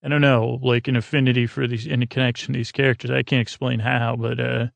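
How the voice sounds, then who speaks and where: A man's voice: mid-range voice, little pitch movement, quick pace, creaky, no room sound. Man, podcast host, casual bedtime-story retelling, rambling and hesitant, dry close sound. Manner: rambling, loose, with many hesitations.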